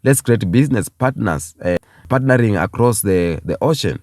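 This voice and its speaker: A man delivers an emphatic commentary to camera. His low voice rises and falls with real animation, and he repeats key phrases to drive them home. The sound is dry and close, with no room around it. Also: lively intonation, moderate pace, darkish tone, dry recording. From Kenya. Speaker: YouTube commentator. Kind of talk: impassioned video commentary.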